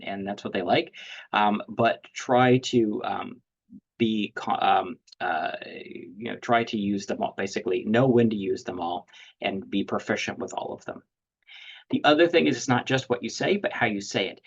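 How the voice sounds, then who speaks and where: A man with a husky, fairly low voice lectures in a webinar, explaining in a loose way with plenty of fillers and restarts. The audio sounds dull and lo-fi, like a call mic. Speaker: webinar presenter. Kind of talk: lecture on negotiation.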